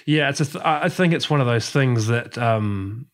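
A man's voice: mid-range voice, animated, normal speed. A man hosting a podcast interview, musing in a loose, reflective way with plenty of fillers. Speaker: podcast host. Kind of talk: conversational interview.

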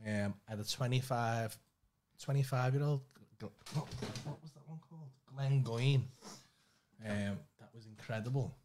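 A man's voice: mid-range voice, normal speed, a little mellow, slight background noise. A man co-hosting a podcast, rambling and sweary, laughing at himself in casual chat. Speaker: podcast co-host.

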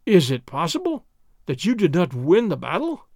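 A man's voice: high voice, wildly swooping pitch, normal speed, a little mellow, dry recording, studio quality, full character voice. A man voicing a mild, foppish young nobleman who needles a sergeant in a mock-innocent way. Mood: needling.

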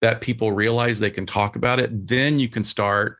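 A psychologist talking loosely on a podcast, his voice sitting low. He gets animated and acts out the things people say to him. Now and then he swears casually. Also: moderate pace. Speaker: psychologist guest.

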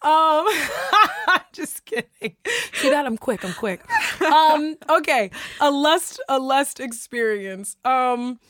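A woman's voice: high-pitched, expressive, takes it slowly, fairly bright tone, dry recording, clean studio sound. A young woman casually telling a story on a podcast, acting out dialogue with gasps and laughs.

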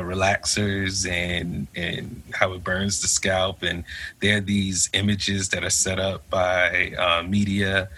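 A man's voice: deep voice, slight background noise. A man co-hosting a casual chat, telling stories with a laugh and acting out what others said. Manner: animated, laughing storyteller who acts out quoted voices. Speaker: podcast co-host.

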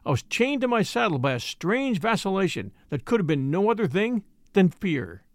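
Man, audiobook narrator, expressive brisk reading, high voice, very lively pitch. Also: no room sound, studio quality. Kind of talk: scripted narration.

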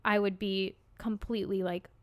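A young woman with a broad Midwestern American accent chats on a podcast, racing through her stories. She talks fast and giggly, with an animated, lively delivery. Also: medium pitch. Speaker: podcast co-host. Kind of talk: casual chat.

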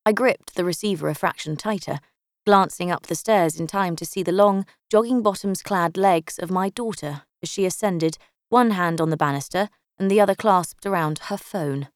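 A woman's voice: on the low side, moderate pace, dry recording. A woman narrating a first-person story in a wry, dryly sardonic way, close to the mic. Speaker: audiobook narrator.

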